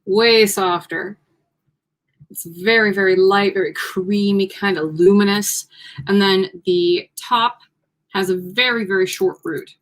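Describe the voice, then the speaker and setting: An upbeat woman co-hosts a relaxed livestream from a home studio. She chats easily and giggles often while she models and describes wigs. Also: mid-range voice, a little slow. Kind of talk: casual livestream product demo.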